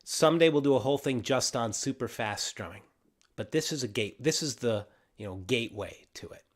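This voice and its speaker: A man teaching a ukulele lesson on a livestream, relaxed and encouraging, counting out beats as he explains. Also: medium pitch, fairly quick. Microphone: livestream camera mic.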